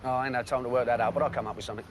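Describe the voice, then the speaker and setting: A man's voice: medium pitch, steady tone, slight background noise, natural voice. A man playing a brash Cockney con man. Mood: bargaining. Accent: London Cockney. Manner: cheeky, fast-talking, trading insults. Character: brash London con man, quick-tongued and combative. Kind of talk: TV drama acting.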